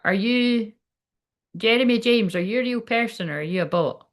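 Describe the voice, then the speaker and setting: A woman's voice: a little high, moderate pace. A woman giving a casual livestreamed card reading, chatty and rambling, swearing freely. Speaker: tarot card reader.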